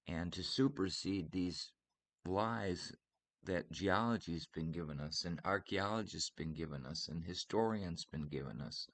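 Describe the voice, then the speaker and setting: A man from Michigan hosting a casual livestream chat, rambling earnestly and teasing his co-host. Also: low-pitched. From Michigan, USA.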